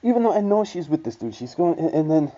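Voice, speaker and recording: A man's voice: a little high, sing-song, fast, mellow. A young man telling a personal story in a blunt, profane, rambling way, with many restarts. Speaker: vlogger. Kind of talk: casual storytelling monologue. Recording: dull lo-fi sound.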